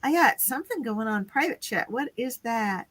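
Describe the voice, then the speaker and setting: A woman's voice: fairly high pitch, expressive, moderate pace, a bit bright, dry recording. A woman hosting a late-night live stream, chatting casually, giggling and greeting viewers by name. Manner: chatty, giggly, reads out chat names.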